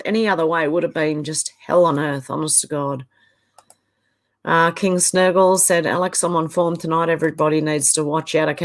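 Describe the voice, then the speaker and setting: Chatty Australian woman, lowish voice. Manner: chatty, exasperated asides, frequent laughs. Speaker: live-stream host reading chat comments. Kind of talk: casual live chat.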